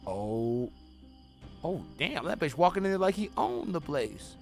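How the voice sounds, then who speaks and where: A young man streaming a video game, giving profane running commentary that swings between low muttering and sudden yelling. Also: big pitch swings, measured pace, vocal fry, soft background music. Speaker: gaming streamer. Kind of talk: live gameplay commentary.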